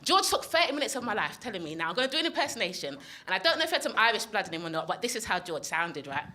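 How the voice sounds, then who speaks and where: A woman with a London accent doing a stand-up comedy set. She is playful and chatty, keeps checking in with the crowd, and has a slightly husky voice. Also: medium pitch, big pitch swings, rapid-fire, bright, forceful tone. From North West London. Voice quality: husky from smoking.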